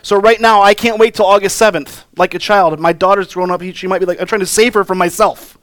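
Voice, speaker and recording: Higher-voiced man preaching a sermon. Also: steady tone, fast talker, fairly bright tone. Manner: earnest, conversational preaching with personal stories. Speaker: pastor.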